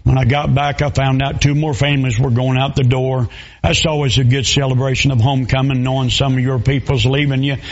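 A man with a drawl preaching from the pulpit, telling homespun stories in loose country grammar. His pitch sits mid-range for a man, and the recording sounds somewhat dull and lo-fi. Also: level tone, fairly quick. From Southern US. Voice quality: folksy, storytelling with dialect grammar. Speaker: pastor. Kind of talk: sermon.

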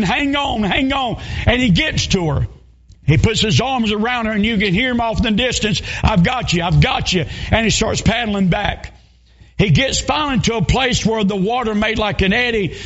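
A revival preacher from North Carolina with a Southern accent, telling a story emotionally and rising to shouts. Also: male voice, high voice, muffled recording. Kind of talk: sermon storytelling.

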